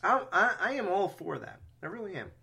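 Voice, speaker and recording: A man co-hosting a movie podcast in casual chat, animated and swearing freely, laughing often. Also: high voice, a little fast, vocal fry, breathy edge. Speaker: podcast co-host.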